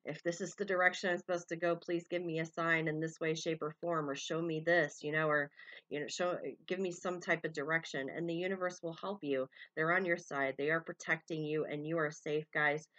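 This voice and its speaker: Low and steady, the tarot reader talks briskly with a fairly bright tone. Her collective love reading for viewers meanders, with names and initials called out as they arrive and plenty of "you know" and "um" along the way.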